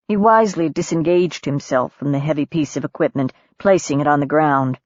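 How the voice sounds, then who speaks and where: A woman narrating an audiobook in a measured, steady storytelling voice. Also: sits low, no echo, muffled recording. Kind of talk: scripted narration.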